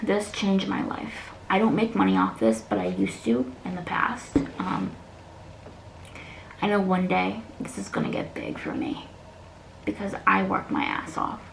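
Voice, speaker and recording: A woman speaks in a personal vlog, earnest and halting, at times falling to a near-whisper as she holds back tears. Her voice has a gravelly fry. The room is echoey, with a faint hiss of noise behind her. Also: lowish voice, wildly swooping pitch. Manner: earnest, halting, often drops to a soft whisper. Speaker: beauty vlogger.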